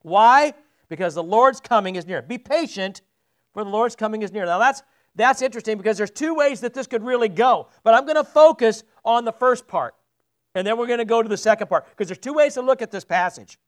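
In a church sanctuary, a man preaching as pastor talks with his congregation and quizzes them. His voice is very high-pitched and fairly quick.

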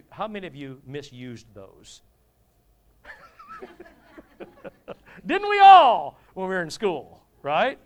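Brief: male pastor, conversational sermon with humor, slightly high pitch, turns questions on the crowd. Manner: humorous, conversational, asks the congregation.

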